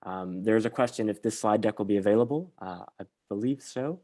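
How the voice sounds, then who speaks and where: A man facilitating an online bias training, speaking in a measured way with frequent pauses. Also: fairly low pitch, dark tone. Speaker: workshop facilitator.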